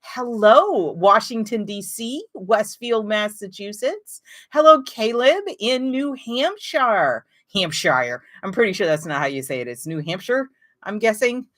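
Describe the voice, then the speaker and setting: A woman's voice: on the high side, expressive, unhurried, a bit bright. A woman hosting a knitting live stream, chatting casually and greeting viewers by name and place.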